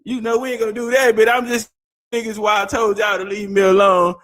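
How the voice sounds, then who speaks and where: A man reacting to a clip with loud, laughing, profane banter. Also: sits high, level tone, a little fast. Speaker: reaction streamer. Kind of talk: casual reaction commentary.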